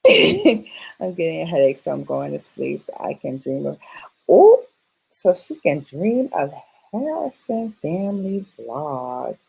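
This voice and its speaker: A woman's voice: sits low, big pitch swings, measured pace, creaky, darkish tone, husky, poor audio. Affectionate woman hosting a late-night stream. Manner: playful, affectionate, laughs often, Southern-style slang. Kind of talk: casual live-stream chat with viewers. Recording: music in the background. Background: music playing.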